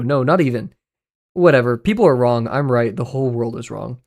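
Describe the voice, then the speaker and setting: A man's voice: medium pitch, brisk, creaky. Rambling, swearing male streamer. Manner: rambling, profane, laughs often, jokey. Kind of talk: casual livestream commentary.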